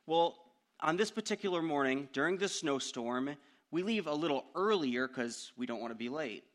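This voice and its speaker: A young man preaching a sermon, telling a personal story in an animated way that climbs into loud outbursts. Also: fairly high pitch, normal speed.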